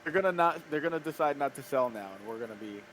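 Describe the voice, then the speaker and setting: A man co-hosting a comedy podcast, dropping dry, deadpan quips in casual banter. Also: mid-range voice, quick pace, a little hiss or hum, low-quality recording. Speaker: podcast co-host.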